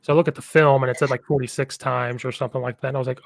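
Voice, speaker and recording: A man's voice: medium pitch, little pitch movement, rapid-fire, vocal fry. A man hosting a podcast and chatting casually about coaching football, telling rambling stories with a lot of enthusiasm.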